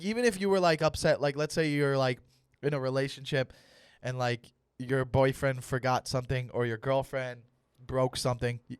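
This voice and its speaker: A young man, a comedian hosting his own podcast, ranting loudly in a mock-serious way and swearing for emphasis. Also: mid-range voice, clear, resonant tone, no room sound, studio quality. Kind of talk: solo comedic rant.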